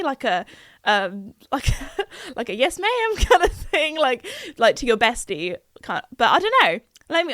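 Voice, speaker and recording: Chatty and giggly, a young woman from England hosts a podcast, saying "like" constantly. The studio-quality, dry recording captures her slightly high, bright, forceful voice.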